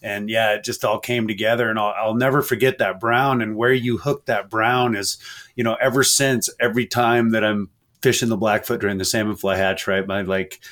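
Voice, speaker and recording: A man's voice: lowish voice, steady tone, normal speed, a bit bright. A man hosting and guiding, talking in a laid-back, casual way. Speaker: host and fishing guide. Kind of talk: casual chat.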